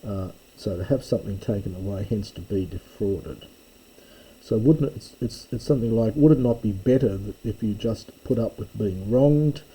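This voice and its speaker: A man teaching a slow reading lesson, explaining each word in turn with frequent pauses and fillers. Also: fairly low pitch, mellow, slight background noise, low-quality recording. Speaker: Greek teacher.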